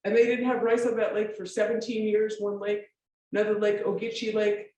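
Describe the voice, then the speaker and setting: Fairly quick and a little mellow, this medium-pitched voice shows little pitch movement, with a bit of hiss or hum. It's a forum speaker's informal slide lecture, emphatic and full of rhetorical questions, often checking listeners follow. The very echoey room has faint ambience, and the voice is far from the mic.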